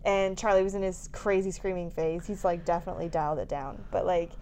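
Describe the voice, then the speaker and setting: A woman in her thirties shares an exhausting story in casual podcast chat. She laughs through it, swears freely and acts out her own quotes with big pitch jumps. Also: steady tone, a little fast, darkish tone, slight background noise.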